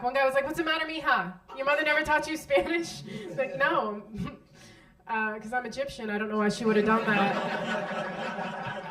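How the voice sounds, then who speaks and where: A woman's voice: fairly high pitch, fairly bright tone, recorded from a distance. An American woman performing a stand-up comedy set in a club, chatting with the crowd, laughing at her own jokes and acting out the people she describes. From United States. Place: comedy club stage, live audience. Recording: roomy live recording, mic heard from afar.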